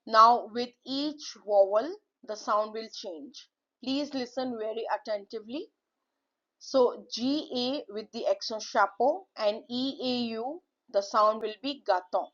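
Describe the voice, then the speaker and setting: A woman teaching French pronunciation in a slow lesson, repeating each word with drawn-out model pronunciations. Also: a little high, a bit bright, dull audio.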